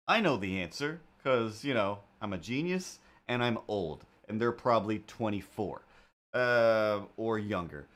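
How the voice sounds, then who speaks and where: A man hosting a live stream, telling a rambling, animated anecdote in a casual tone. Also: medium pitch. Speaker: host.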